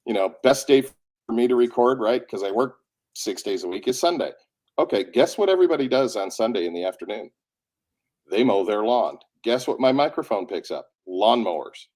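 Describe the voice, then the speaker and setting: Low-voiced man with a cold. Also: fairly quick. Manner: animated storyteller who acts out quotes. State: has a cold, coughing. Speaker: audiobook narrator. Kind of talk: casual chat.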